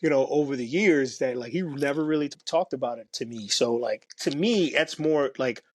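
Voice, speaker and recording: A man's voice: mid-range voice, moderate pace, husky, no echo. A man, a documentary filmmaker, talking as a guest in a casual podcast chat, rambling with many restarts and fillers.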